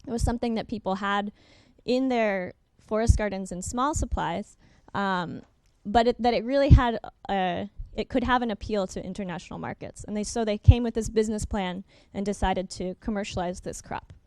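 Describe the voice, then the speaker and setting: A young adult woman giving a workshop presentation over slides, talking quickly with frequent ums and uhs and correcting herself as she goes. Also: medium pitch, a little mellow, smooth, no room sound.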